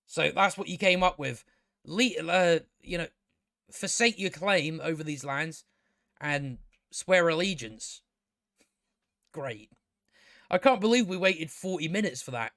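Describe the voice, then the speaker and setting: A man's voice: a little high, expressive, unhurried, long pauses, a bit bright, no room sound, clean studio sound. A man giving a casual, ranting review of a show, blunt, sarcastic and profane, often restarting his sentences.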